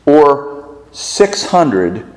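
A man preaching a sermon as pastor, deliberate and fond of rhetorical questions and repetition, in a reverberant church sanctuary. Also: a little high, very animated, darkish tone.

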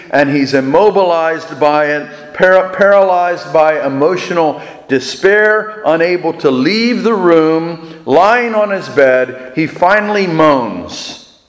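A man preaching a sermon, telling a story slowly and deliberately with dramatic pauses. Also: fairly high pitch. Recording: echoey hall with long reverb.

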